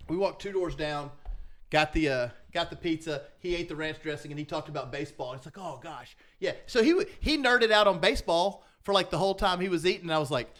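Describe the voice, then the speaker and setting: A middle-aged man with a fairly high voice, chatting casually on a podcast. He rambles through stories with lots of false starts and drops into voices for the people he quotes. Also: expressive, fast talker, fairly bright tone. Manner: rambling storyteller with many restarts and voiced quotes. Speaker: podcast co-host. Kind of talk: casual chat.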